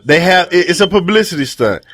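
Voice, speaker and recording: A man's voice: high voice, brisk, dry recording. A man co-hosting a radio talk show, ranting in casual chat with lots of swearing. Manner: animated, swears a lot, rants.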